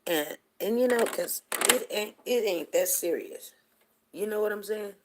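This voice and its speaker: A woman's voice: medium pitch, unhurried, noisy background. A woman hosting a casual livestream, rambling chattily and talking straight to her viewers. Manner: greets viewers from the chat by name. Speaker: livestream host.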